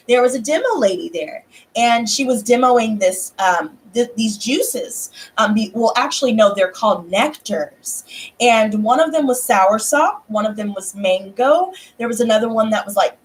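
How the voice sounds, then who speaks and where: Woman, high voice, tarot channel host, casual chat to viewers, animated, swears a lot. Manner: animated, swears freely, acts out dialogue in bursts.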